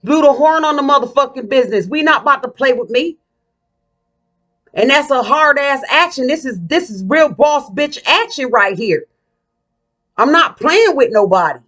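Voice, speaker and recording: A woman vlogger delivering a casual, ranting monologue. Her voice is bright and tense, and she talks in a blunt, profane, combative way. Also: sits high, lively intonation, moderate pace.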